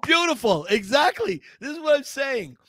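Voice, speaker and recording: A man's voice: extremely high pitch, moderate pace, a little hiss or hum. A man hosting a podcast, chatting and telling family stories in an enthusiastic, rambling way. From Italian-American family. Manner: enthusiastic, rambling, animated storyteller. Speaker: podcast host. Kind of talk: casual interview chat.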